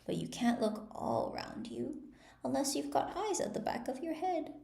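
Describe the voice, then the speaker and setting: A woman voicing a prim, testy old female sheep who keeps a shop, speaking in a drawn-out, pernickety way. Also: high voice, wildly swooping pitch, vocal fry, mellow, echoey room, pitched above the performer's own voice, heavily acted. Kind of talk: storybook read-aloud.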